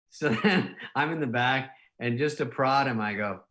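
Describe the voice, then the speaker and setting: A man's voice: mid-range voice, measured pace, background noise. Laughing, rambling middle-aged storyteller man. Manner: rambling anecdotes, laughs at his own stories. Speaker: comedian guest. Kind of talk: casual storytelling chat.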